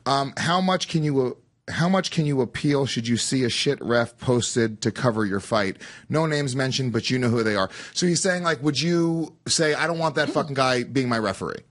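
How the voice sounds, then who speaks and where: A man's voice: mid-range voice, moderate pace. A man hosting a podcast, reading listener questions in a loose, profane way. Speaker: podcast host.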